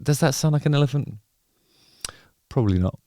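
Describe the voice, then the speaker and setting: A man's voice: mid-range voice, expressive, a little fast, warm tone, no room sound, studio quality. A middle-aged man hosting a casual music video reaction, rambling and wry with playful digressions.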